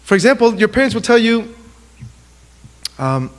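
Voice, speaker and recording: A man with a notably high voice preaches to young people, spinning lively personal stories and acting out quick exchanges as he goes. His voice rings out with a long hall reverb. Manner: animated storytelling, acts out quotes. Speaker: youth speaker.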